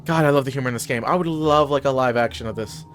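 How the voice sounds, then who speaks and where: Feeling under the weather and nursing chapped lips, a let's-play gamer chats casually through his gameplay, reading the on-screen text aloud. He talks fast in a medium-pitched, slightly bright voice, with music playing behind him.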